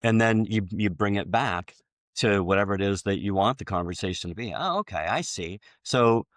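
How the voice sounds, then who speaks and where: A man hosting a podcast, chatting casually and acting out both sides of sales conversations, with many halting restarts. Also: lowish voice, fairly bright tone, no room sound, studio quality. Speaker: podcast host.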